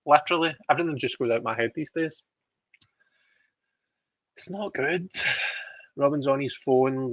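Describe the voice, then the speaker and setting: A man's voice: medium pitch, fairly bright tone, no echo, dull audio. A man hosting a livestream, chatting casually, reading out viewer comments with giggly, self-deprecating asides. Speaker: livestream host reading tarot.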